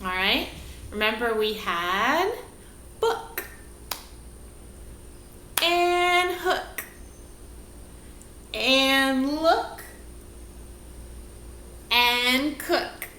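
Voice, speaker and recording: A movement teacher leads young children through a rhyming dance lesson, asking sing-song questions at a slow, patient pace in a fairly high, bright, forceful voice with lively, swooping intonation. She sounds a little distant, recorded in an echoey room with faint background hiss.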